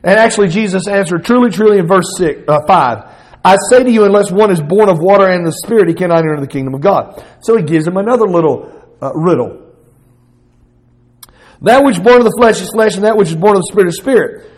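A middle-aged man with a Southern accent preaching a sermon, expressive, at times acting out the words of Jesus. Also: high voice, fast talker, low-quality recording. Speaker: pastor.

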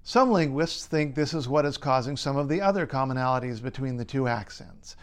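A linguist and writer narrating a scripted explainer in a clear, wry, lightly humorous way. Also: male voice, mid-range voice, lively intonation, brisk.

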